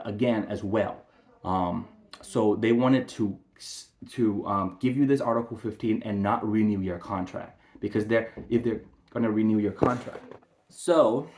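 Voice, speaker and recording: Halting, low-pitched man telling a story. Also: darkish tone. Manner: halting, many fillers and restarts, heats up when recounting confrontation. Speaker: veteran telling his story. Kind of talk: personal storytelling to camera.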